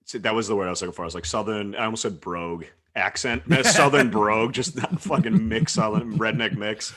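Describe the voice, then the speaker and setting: Man with a philadelphia accent, podcast host, laid back and profane, lowish voice. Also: fairly quick, fairly bright tone. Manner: laid-back, swears, says dude a lot. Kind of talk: casual podcast chat.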